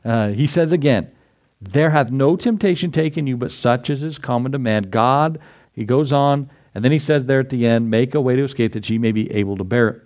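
A middle-aged man preaching a sermon to his congregation in a conversational way, often checking in with "right?" and adding quick asides. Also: medium pitch, darkish tone. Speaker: pastor.

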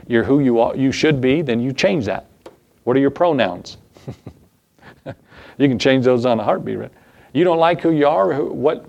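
A man delivers an evening church sermon as the preacher. He fires off rhetorical questions that climb in pitch and repeats key phrases to press his point home. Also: darkish tone.

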